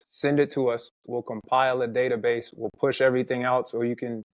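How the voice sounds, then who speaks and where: A man in the host's chair, mid-pitched and upbeat, calling listeners to action like a hype announcer. The recording is dry and close, with no room sound. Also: flat delivery, brisk, no room sound. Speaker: podcast host. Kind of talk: casual podcast chat and outro.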